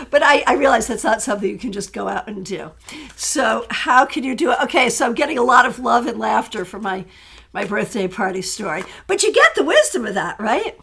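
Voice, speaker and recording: Chatty higher-voiced woman tarot reader. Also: normal speed, breathy edge. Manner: chatty, animated, laughs often. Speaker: tarot reader answering viewer questions. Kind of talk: casual live-stream chat.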